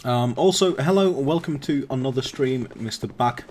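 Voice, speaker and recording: A man's voice: mid-range voice, moderate pace, darkish tone, a little hiss or hum. Teasing male game streamer. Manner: joking, teasing his friends. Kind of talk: casual banter while gaming live.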